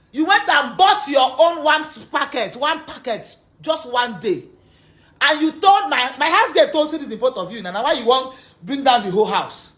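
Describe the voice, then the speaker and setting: A woman's voice: sits high, very animated, normal speed, fairly bright tone. A woman with a Nigerian Pidgin accent giving an accusatory, repetitive rant, mixing Pidgin and English. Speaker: actress addressing a former friend. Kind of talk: confrontational video rant.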